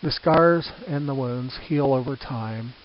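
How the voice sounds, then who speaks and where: Older man reading his reflective book. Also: medium pitch. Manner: earnest, measured, with small restarts. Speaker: author narrating his book. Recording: slightly dull with faint hiss.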